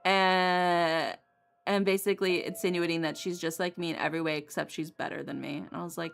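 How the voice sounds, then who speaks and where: Low, raspy-edged woman streamer reading a game aloud; blunt, sweary, laughs a lot. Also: brisk, fairly bright tone, faint music behind. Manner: blunt and profane, laughs often. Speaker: streamer playing a visual novel. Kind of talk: reading game narration and casual chat.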